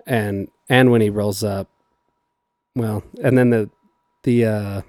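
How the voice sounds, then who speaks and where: A man's voice: on the low side, steady tone, slow, a little mellow, no room sound, clean studio sound. A man hosting a casual podcast chat, rambling and laughing as he retells scenes. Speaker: podcast host.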